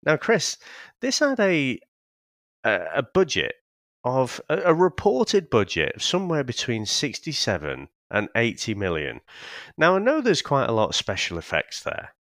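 A man's voice: mid-range voice, huge pitch swings, normal speed, a bit bright, no echo, studio quality. A man co-hosting a film review podcast, talking in a hesitant, laid-back way with many restarts. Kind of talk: casual film review chat.

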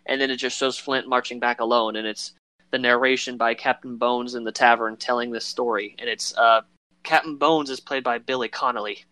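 A man's voice: medium pitch, steady tone, fairly quick, bright, forceful tone, no room sound. A man co-hosting a casual chat about a film, rambling with lots of fillers and acting out quoted lines in voices. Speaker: podcast co-host.

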